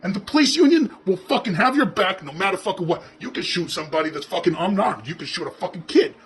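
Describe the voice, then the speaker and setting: A man's voice: high voice, animated, fast. A man playing a crude, foul-mouthed police officer, ranting sarcastically and profanely as he comments on video footage.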